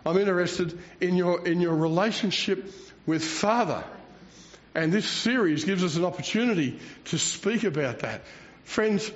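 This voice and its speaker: Older man, pastor, high-pitched voice, rambling self-mocking sermon, muffled lo-fi sound. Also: measured pace. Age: 60s. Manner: rambling, self-mocking, chuckles between phrases. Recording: dull lo-fi recording.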